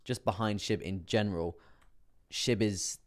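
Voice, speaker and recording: A young man with an English accent talks through price charts on a live stream. His voice sits on the low side and stays fairly monotone, and his delivery is chatty and relaxed. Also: a little slow. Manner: chatty, laughs often, reads chat aloud. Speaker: crypto trading streamer.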